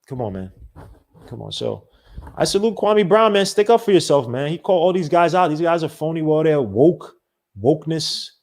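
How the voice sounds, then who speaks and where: A man hosting a sports podcast, ranting in a rambling, animated way with many restarts. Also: fairly high pitch, moderate pace. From not from the American South. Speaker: podcast host. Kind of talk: casual solo sports talk.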